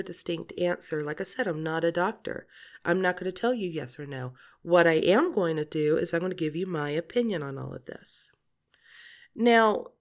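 Woman in her 40s doing a casual podcast monologue, rambly, laughs a lot, swears. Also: on the low side. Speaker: podcast host.

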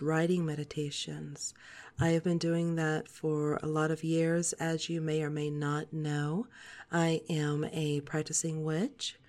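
Soft, calm woman in her forties. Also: low voice. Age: 40s. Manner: soft, calm, slow-paced delivery. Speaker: podcast host. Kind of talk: calm spoken monologue.

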